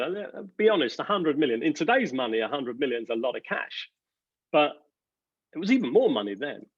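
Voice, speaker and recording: A company director giving earnest interview answers, halting with many fillers and restarts. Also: male voice, medium pitch, very animated, breathy edge, no echo, highs cut off.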